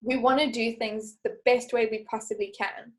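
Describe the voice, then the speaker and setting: Chatty woman guest, slightly high voice, tells stories animatedly and acts out quotes. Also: fairly even intonation, moderate pace, low-quality recording. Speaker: podcast guest. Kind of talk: casual chat.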